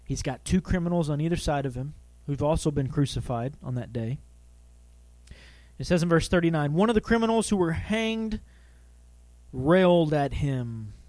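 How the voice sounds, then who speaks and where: A man preaching a sermon with lively energy, asking his listeners questions and acting out the people he quotes. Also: a little high, moderate pace, no echo. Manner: animated, asks the audience questions, acts out quoted voices. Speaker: pastor.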